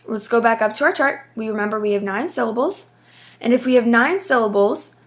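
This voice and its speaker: A woman teaching a lesson, explaining patiently step by step with frequent fillers. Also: fairly high pitch. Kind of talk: casual classroom explanation.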